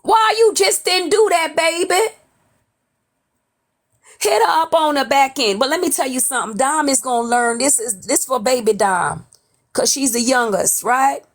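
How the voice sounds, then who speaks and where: A woman's voice: high voice, animated, moderate pace. A woman from New York hosting a livestream, putting on a Southern accent and talking in a blunt, sassy way, swearing freely as she comments on gossip from home. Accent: put-on Southern drawl. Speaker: livestream host. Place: at home, off camera.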